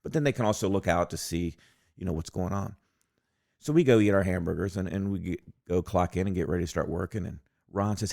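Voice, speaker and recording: A man in his fifties co-hosting a podcast, telling stories in a relaxed, hesitant way. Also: low voice, fairly quick, creaky, no room sound, clean studio sound. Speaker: podcast co-host. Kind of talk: casual storytelling chat.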